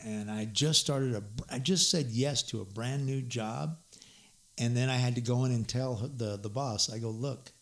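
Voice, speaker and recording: A man, a bass player and singer, telling a rambling story in casual chat with restarts and laughs. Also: moderate pace.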